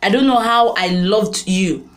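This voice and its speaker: A woman's voice: medium pitch, unhurried, lightly acted. A vengeful young prince, read by a woman. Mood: bitter.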